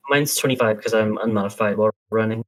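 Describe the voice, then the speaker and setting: A man's voice: on the low side, fast talker, a bit bright. A man playing in a tabletop role-playing game, casually describing his character's actions in the third person. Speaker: player.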